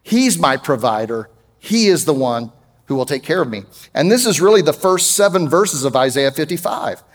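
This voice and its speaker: A middle-aged man preaching a sermon as pastor, emphatic and rising loud when he quotes scripture. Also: fairly high pitch, animated, normal speed, in a large hall. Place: church sanctuary.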